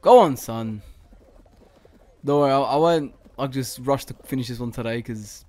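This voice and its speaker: A young man giving casual gaming commentary, swearing a lot, laughing often and yelling now and then. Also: medium pitch, fairly quick, long pauses. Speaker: gaming YouTuber.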